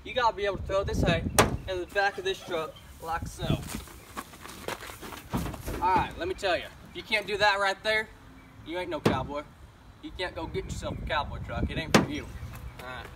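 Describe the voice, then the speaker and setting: A boastful, swaggering cowboy with a drawl, as a man puts him on. His voice sits a bit high, and he sounds folksy and mocking. He is heard from a distance outdoors, with vehicle noise behind him. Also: moderate pace, long pauses, close to an everyday voice. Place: outdoors beside a pickup truck.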